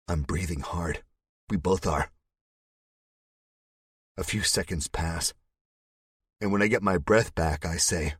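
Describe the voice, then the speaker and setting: A man with a low, husky voice narrating an audiobook in the first person. His telling is gritty and tense, close to a studio mic, with a completely dry sound and no room echo.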